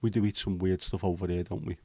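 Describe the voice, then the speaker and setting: A man's voice: low-pitched, little pitch movement, fast talker, mellow, no echo. A man, hosting a casual livestream chat, bantering with viewers and swearing casually. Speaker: livestream host.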